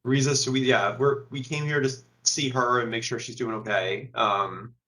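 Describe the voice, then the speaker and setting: Halting man playing a tabletop game. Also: medium pitch, steady tone, pushed and bright. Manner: halting, hunts for names. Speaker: player. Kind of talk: casual in-character play.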